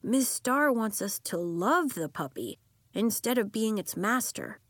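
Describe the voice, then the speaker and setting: A woman's voice: fairly high pitch, lively intonation, unhurried, no echo. A woman doing a thoughtful, glum young boy. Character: worried young boy with fire and ice powers.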